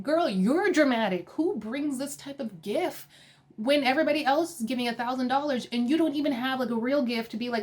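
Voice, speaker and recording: A woman with a somewhat high voice gives a casual recap of a reality show. She is sassy and animated, mixing slang with laughter. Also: fairly quick. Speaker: TV episode reviewer.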